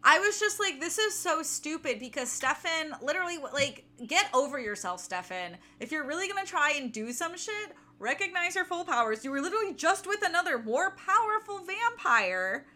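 A woman's voice: sits high, sing-song, fairly quick, few pauses, bright, forceful tone. A woman co-hosting a casual book-recap podcast, exasperated and ranting, swearing freely. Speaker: podcast co-host.

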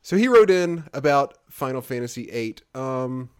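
A man's voice: mid-range voice, lively intonation, moderate pace, clean tone. A man co-hosting a podcast in casual chat, rambling, restarting his sentences and reading out listener emails. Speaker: podcast co-host.

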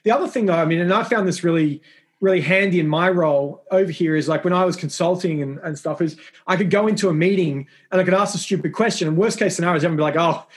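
Speaking fast in a high-sitting voice, this middle-aged man from Australia, with the accent to match, chats as an interview guest. His stories ramble casually and poke fun at himself.

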